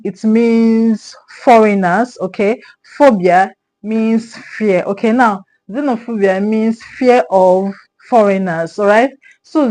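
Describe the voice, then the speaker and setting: A woman's voice: medium pitch, a little mellow, rough recording. A woman with a Nigerian accent teaching an exam-prep English lesson, repeating key points and checking in with the viewer. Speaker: English tutor.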